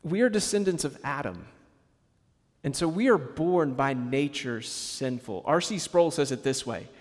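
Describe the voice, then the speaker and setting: A man's voice: fairly high pitch, expressive, measured pace, big-room sound. A man preaching a sermon in a conversational way, with casual asides and rhetorical questions to the congregation.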